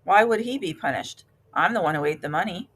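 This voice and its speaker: A woman voicing a gentle, honest male cricket in a storybook reading, speaking in an earnest, sincere way. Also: lowish voice, animated, brisk, breathy edge. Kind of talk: storybook read-aloud.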